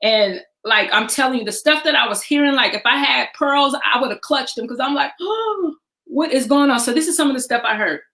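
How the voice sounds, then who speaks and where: Woman storyteller, forties, fairly high voice, lively and laughing, roomy echo. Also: a little fast, few pauses. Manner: animated, laughing, acts out quoted voices. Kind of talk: personal storytelling. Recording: echoey room.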